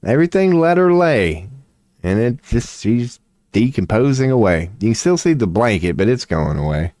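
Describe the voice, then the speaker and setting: A man's voice: mid-range voice, big pitch swings, moderate pace, darkish tone, dry recording, studio quality. A man, rambling casually on a stream at home, profane and self-mocking. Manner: profane, laid-back, self-mocking with frequent laughs.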